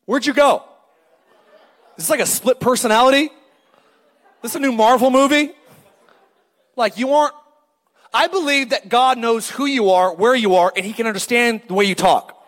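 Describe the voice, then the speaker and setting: A middle-aged male pastor preaching a lively, joking sermon and calling out to the congregation. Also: very high-pitched, moderate pace, long pauses, in a large hall. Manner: animated, joking, calls for crowd response.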